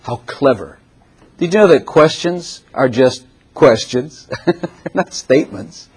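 A man preaching a sermon in a lively, animated way, often laughing and acting out the voices of the people in the story. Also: medium pitch, normal speed, slightly rough.

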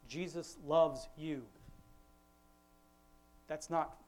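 A man's voice: a little high, fairly even intonation, a little mellow, faint music behind. Rambling man giving an informal devotional talk. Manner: rambling and conversational, with frequent restarts; quotes scripture in a slowed, emphatic voice. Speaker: father leading a family devotion.

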